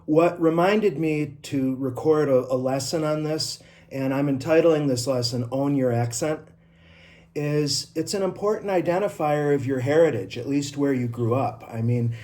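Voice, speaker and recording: A man's voice: a little high, normal speed, a little mellow. Chatty man with an Inland North accent. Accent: Inland North American. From upstate New York. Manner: chatty and personal, with asides and self-corrections. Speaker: IT trainer. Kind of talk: casual vlog talk to camera.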